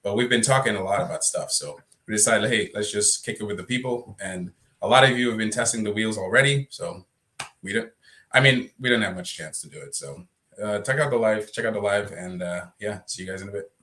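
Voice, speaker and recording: A man with a low but bright, forceful voice chats on a casual livestream. He talks loosely and laughs often, trading jokes with his co-host. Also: fairly quick.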